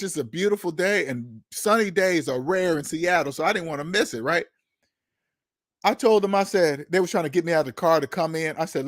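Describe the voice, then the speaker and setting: Animated, profane man telling stories. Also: fairly high pitch, a little fast, dry recording, studio quality. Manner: animated, profane, laughs at himself, acts out quotes. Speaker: podcast host. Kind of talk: casual storytelling monologue. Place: Seattle.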